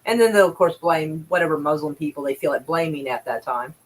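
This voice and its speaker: A woman's voice: deep voice, expressive, a little fast, poor audio. Sarcastic, profane woman commenting on news. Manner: sarcastic, profane, exasperated sighs. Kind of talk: casual news commentary, reading aloud.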